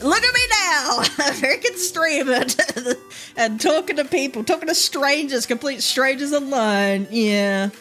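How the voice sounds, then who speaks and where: A woman's voice: high-pitched, measured pace, fairly bright tone, soft background music. Giggly Australian woman streamer, rambling chat. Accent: Australian, Queensland. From Queensland, Australia. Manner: rambling, giggly, lots of fillers. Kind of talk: casual live-stream chat.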